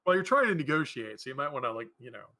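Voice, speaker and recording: A man's voice: mid-range voice, big pitch swings, fast talker, bright, forceful tone. A man running a tabletop game as game master, hesitant with many fillers and often laughing.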